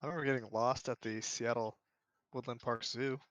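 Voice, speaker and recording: A young man telling a childhood story in casual chat, animated, acting out his own past thoughts. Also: mid-range voice, a little fast, no room sound, poor audio. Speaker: podcast co-host.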